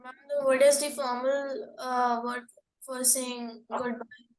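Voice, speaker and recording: A woman's voice: high voice, level tone, takes it slowly, rough recording. A woman student politely asking her teacher a question, with some hesitation.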